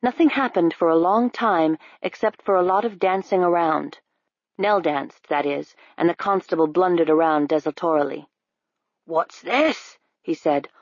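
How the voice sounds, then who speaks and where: A woman narrating a novel in a steady, measured storytelling manner. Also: fairly low pitch, no echo. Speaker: audiobook narrator. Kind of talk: scripted narration. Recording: dry, slightly dull recording.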